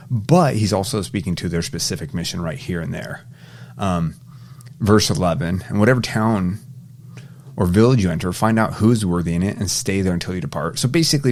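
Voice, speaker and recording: A man's voice: sits low, a little mellow. A man giving a casual Bible study, reading verses aloud and paraphrasing them in everyday talk. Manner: reads scripture then paraphrases casually. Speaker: Bible teacher.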